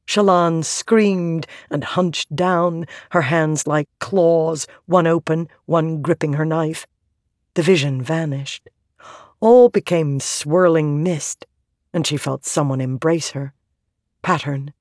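Slow, measured audiobook narrator. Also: female voice, sits low, darkish tone, no room sound, studio quality. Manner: measured, clear storytelling. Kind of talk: scripted narration.

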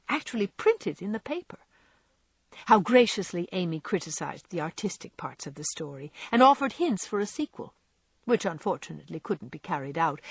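A woman narrating a classic storybook in an expressive reading style. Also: medium pitch, husky, dry recording. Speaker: audiobook narrator.

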